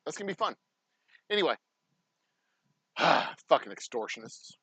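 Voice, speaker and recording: A man's voice: a little high, very animated, a little slow, sharp tone, breathy edge, dry recording. A man, a distillery owner talking casually in a vlog, swearing heavily as he rants and rambles into stories. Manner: profane, ranting, heated. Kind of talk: casual behind-the-scenes vlog talk.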